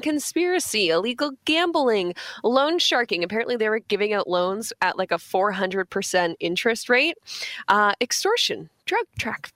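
A woman co-hosting a radio show in casual chat, reading out a list with quick asides. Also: medium pitch, fairly bright tone, no room sound. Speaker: radio co-host.

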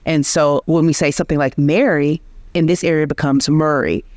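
A woman from Georgia, a linguistics researcher, explaining speech sounds in a measured, teacherly way as an interview guest. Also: sits low, steady tone, darkish tone, no room sound, studio quality. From Georgia, USA. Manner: measured, teacherly, restarts phrases.

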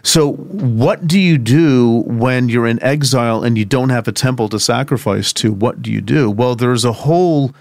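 A man's voice: medium pitch, moderate pace, few pauses, a little mellow, no room sound, studio quality. A man co-hosting a podcast, talking through biblical theology in a thoughtful, rambling way with restarts and asides. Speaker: podcast co-host. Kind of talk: conversational theology discussion.

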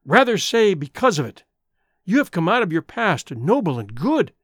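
A man's voice: high voice, sing-song, normal speed, fairly bright tone, dry recording, studio quality, exaggerated voice. A man playing an ardent young suitor.

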